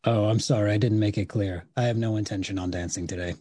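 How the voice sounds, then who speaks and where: Casting: man doing a low, dark, husky standoffish noble. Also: steady tone, fast, no room sound, clean studio sound, close to an everyday voice. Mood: cold. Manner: clipped, cold. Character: curt, aloof man who refuses to dance.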